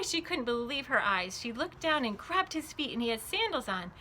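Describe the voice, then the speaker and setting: A woman teaching a children's Bible club, telling a story in an animated way and asking the children questions. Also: fairly high pitch, moderate pace, a little hiss or hum. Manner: animated, asks children questions, says their names.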